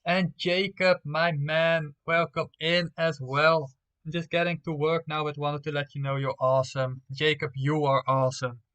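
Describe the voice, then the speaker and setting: A man's voice: on the high side, little pitch movement, moderate pace, fairly bright tone, smooth. A young man streaming live, reading out game results and talking playfully to his viewers. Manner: playful, talks straight to viewers.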